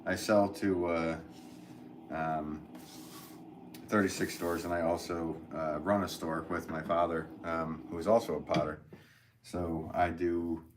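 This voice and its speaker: A male potter chats casually on a live stream from his studio, reading out viewer comments. He's rambling and easygoing, with lots of fillers and frequent laughs, speaking in a low-pitched, unhurried voice. Steady background noise fills the room.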